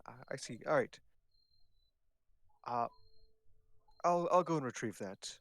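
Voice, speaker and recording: A man playing his character in a tabletop game over a voice call, speaking in a hesitant, mock-formal way full of pauses. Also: medium pitch, lively intonation, dry recording. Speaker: player voicing his character. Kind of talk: in-character tabletop role-play.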